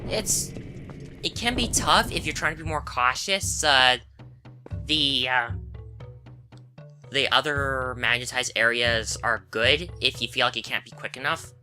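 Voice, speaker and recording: A woman's voice: extremely low pitch, a little slow, long pauses, bright, forceful tone. A woman giving casual, rambling gameplay commentary, full of asides and fillers. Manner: chatty, rambling, frequent "uh" and "anyway". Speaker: game commentator. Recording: game music behind voice.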